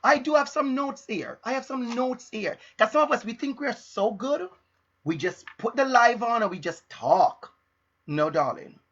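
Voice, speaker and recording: Man, middle-aged, motivational live talk, deliberate and emphatic, somewhat muffled audio. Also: extremely high pitch, animated, fairly bright tone. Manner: deliberate, emphatic, repeats key phrases. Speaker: educator and motivational speaker. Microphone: laptop and phone.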